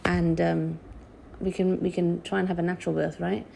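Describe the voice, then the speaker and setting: A young woman telling a personal story in a halting, emotional way, with many restarts. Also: on the low side, flat delivery, vocal fry, mellow, slight background noise. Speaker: vlogger.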